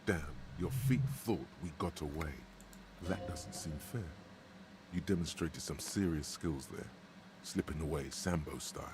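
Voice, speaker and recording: A grave, extremely deep male narrator voice that comments dryly on the hero's every move, for a video game. The delivery is measured and sardonic. A noticeable hiss sits under the game audio.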